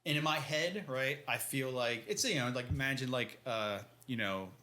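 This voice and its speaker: Bright-voiced man recapping casually. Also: medium pitch, normal speed. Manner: laid-back, slangy recapping, acts out characters' lines. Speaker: podcast co-host. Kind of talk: casual book-discussion chat.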